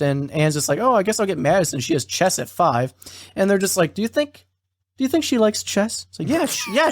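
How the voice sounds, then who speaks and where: Man, podcast co-host, casual recap, flat quoted lines, slightly high pitch, dry recording. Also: no echo. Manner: quotes characters in a flat retelling voice, swears casually. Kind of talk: casual chat, recapping a story.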